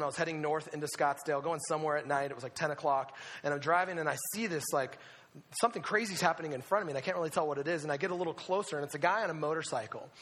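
A young man preaching a sermon to youth, telling a story in an animated way with sudden excited shouts. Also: a little high, in a large hall. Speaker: youth pastor.

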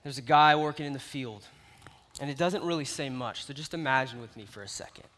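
Animated male preacher in a big hall. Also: medium pitch, fairly quick. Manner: animated storytelling with big swings in loudness. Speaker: youth pastor. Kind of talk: sermon. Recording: long reverb of a large hall.

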